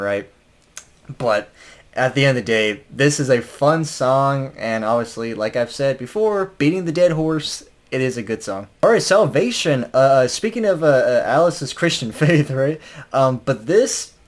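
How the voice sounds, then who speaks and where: A man's voice: medium pitch, expressive, unhurried. A man casually reviewing an album, rambling with lots of fillers and restarts and chuckling now and then. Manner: chuckles while talking.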